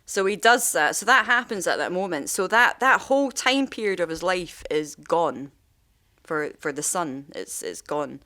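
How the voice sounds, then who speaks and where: A makeup artist co-hosting a podcast tells stories in casual, rambling chat, full of swearing and fillers. Her voice is fairly low and sharp in tone, animated, at normal speed.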